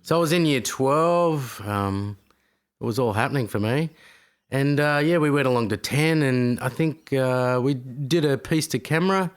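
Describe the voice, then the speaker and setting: A man's voice: mid-range voice, moderate pace, clean tone. A man co-hosting a podcast in a laid-back way, often saying "mate" and laughing. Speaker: podcast co-host. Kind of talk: casual podcast chat.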